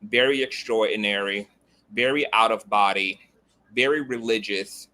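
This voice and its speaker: A man's voice: fairly low pitch, moderate pace, pushed and bright. A man hosting a casual commentary livestream, sassy and flamboyant, tossing out "girl," "child" and "honey" as he talks.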